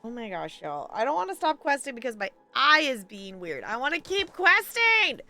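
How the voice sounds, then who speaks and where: A woman's voice: high voice, sing-song, normal speed, sharp tone, soft background music. A woman streaming a game, chatting bubbly and casually with her viewers as she plays. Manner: bubbly and chatty, talks to chat. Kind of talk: live gameplay commentary.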